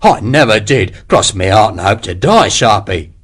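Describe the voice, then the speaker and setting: A man's voice: on the low side, lively intonation, normal speed, fairly bright tone, husky. A man voicing a cowering, treacherous army sergeant who pleads and screams for his life. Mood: pleading.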